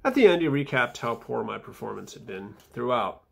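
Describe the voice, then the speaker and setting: Man, husky rough voice, casual vlog reading, dry wit, fillers and soft mumbled asides. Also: medium pitch, lively intonation, fairly quick. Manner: dry, wry humor. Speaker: vlogger reading his own footnotes.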